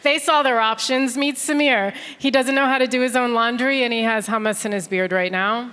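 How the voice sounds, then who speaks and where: A woman's voice: fairly high pitch, fairly even intonation, moderate pace, background noise. A woman in her forties from an Egyptian family, doing a dry, conversational stand-up set with acted quotes on a theatre stage. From Egyptian family, raised in America. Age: 40s. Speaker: stand-up comedian. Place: large theatre stage before a laughing audience. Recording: live theatre with long hall reverb.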